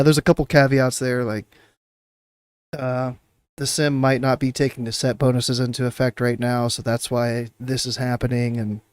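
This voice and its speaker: A man with a mid-pitched voice in a relaxed podcast chat, quoting other people's replies with a shift in voice. The sound is dry and close, with no room echo. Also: smooth. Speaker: podcast co-host.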